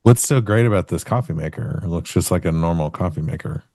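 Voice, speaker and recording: A man co-hosting a casual live trading show, teasing the others with deadpan questions. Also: low-pitched, fast, no echo, studio quality. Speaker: co-host trader.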